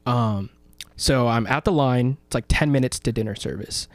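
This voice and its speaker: Animated swearing man telling a story. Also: medium pitch, normal speed, no echo. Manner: animated, swearing, acts out his own yelling in the story. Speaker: radio talk show co-host. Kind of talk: casual storytelling chat.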